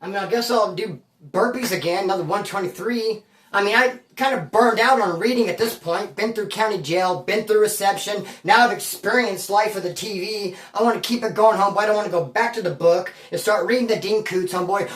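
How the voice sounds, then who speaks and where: A man's voice: high voice, moderate pace, fairly bright tone, recorded from a distance. Streetwise man in a roomy, off-mic echo. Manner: streetwise slang, profane, rambling with restarts. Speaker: former prisoner telling a prison story. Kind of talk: casual storytelling to camera.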